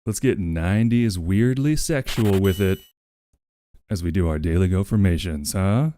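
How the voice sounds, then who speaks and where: Streaming from home, a man chats casually with his viewers, playful and crude, and often sings along to the music. His voice sits low with a dark tone, at normal speed, and there's no echo.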